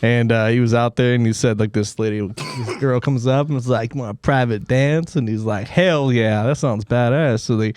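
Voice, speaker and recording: A man's voice: medium pitch, steady tone, normal speed, few pauses, darkish tone, smooth, no echo, clean studio sound. A man hosting a comedy podcast, telling a story in a laid-back way. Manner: laid-back, says dude and bro a lot. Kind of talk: casual podcast chat.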